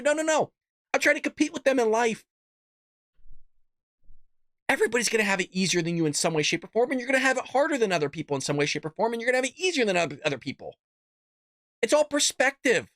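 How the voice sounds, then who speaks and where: A man's voice: very high voice, animated, fast talker, long pauses, a bit bright, no room sound. Fired up dude ranting on his show, voice jumps all over, dry close sound, swears a lot. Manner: blunt, fired-up, cusses. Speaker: host. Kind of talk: political commentary rant.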